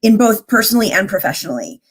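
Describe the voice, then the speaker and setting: A woman's voice: medium pitch, very animated, fast talker, breathy edge. A woman guest in a casual chat, talking openly and rambling through thoughts. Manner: open, rambling, with many fillers and restarts.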